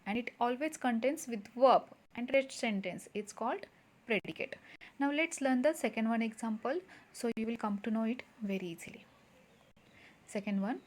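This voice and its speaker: A woman's voice: on the high side, moderate pace, a little mellow. A woman teaching a grammar lesson to schoolchildren, patiently repeating points and quizzing the class.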